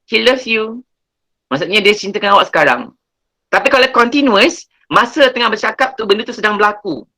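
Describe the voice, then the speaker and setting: A man's voice: high-pitched, lively intonation, fast talker, sharp tone, low-quality recording. A male English teacher with a Malaysian accent, explaining grammar in an online class and often checking that students follow. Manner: explanatory, code-switching, checks understanding.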